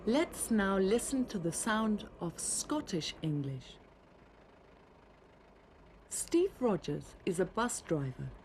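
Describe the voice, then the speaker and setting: Brief: female narrator for a language lesson, clear and expressive. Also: medium pitch, slow, long pauses, a little hiss or hum. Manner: clear, teacherly. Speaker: programme narrator. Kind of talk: scripted narration.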